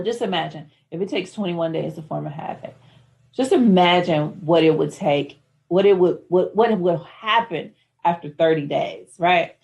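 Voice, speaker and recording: A woman giving a motivational talk, building emphatic repeated phrases that swing from soft to loud. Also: on the low side, lo-fi sound. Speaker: motivational speaker.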